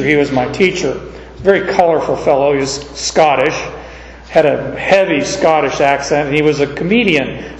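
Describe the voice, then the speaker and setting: A man preaching a sermon, telling stories in a conversational way with fillers. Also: fairly high pitch. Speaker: pastor. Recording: echoey hall, dull lo-fi.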